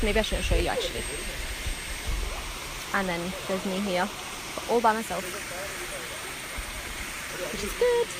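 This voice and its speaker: A woman narrating a casual travel vlog on her phone, chatty and rambling, full of asides. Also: a little high. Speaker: travel vlogger. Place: outdoors on holiday, rainforest and streets. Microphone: phone camera. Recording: phone audio with outdoor noise.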